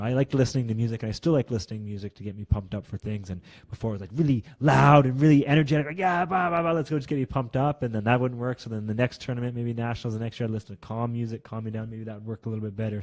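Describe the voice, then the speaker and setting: Easygoing man with a dark voice. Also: fairly low pitch, no room sound. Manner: easygoing, agreeable, frequent "yeah". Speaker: podcast co-host and former competitive athlete. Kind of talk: casual podcast chat.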